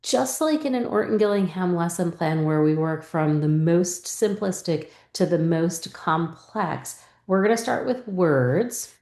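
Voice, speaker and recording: A woman teacher explaining a reading lesson, calmly modeling teacher and student turns step by step. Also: fairly low pitch, reverberant. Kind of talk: instructional lesson.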